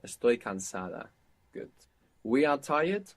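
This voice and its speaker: A man's voice: mid-range voice, big pitch swings, unhurried, gravelly, slight background noise. A man teaching a language lesson, patiently explaining and prompting his learner to repeat.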